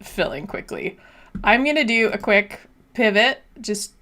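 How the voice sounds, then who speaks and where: A woman's voice: mid-range voice, lively intonation, a little slow, pushed and bright. Giggly chatty female co-host. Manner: giggly, chatty, laughs often. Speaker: co-host of a live-stream show. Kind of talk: casual live-stream chat.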